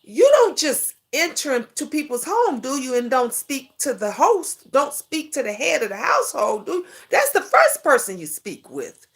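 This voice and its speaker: A woman's voice: high voice, normal speed, few pauses. A woman hosts a casual livestream chat. She talks in a sassy, preachy way, calling her viewers honey and boo. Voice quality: lively, sing-song greetings. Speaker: livestream talk show host.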